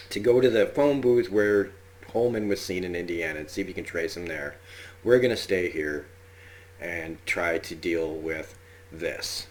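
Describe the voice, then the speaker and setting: A man casually reviewing a TV episode, rambling with fillers and acting out quotes. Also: low-pitched. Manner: rambling, chatty, with frequent fillers and acted-out quotes. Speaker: TV review podcast host.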